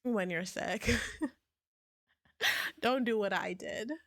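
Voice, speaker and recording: A woman's voice: medium pitch, extremely slow, a bit bright, no room sound, clean studio sound. A young woman chatting casually on a livestream, rambling, joking at her own expense and laughing often. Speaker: streamer.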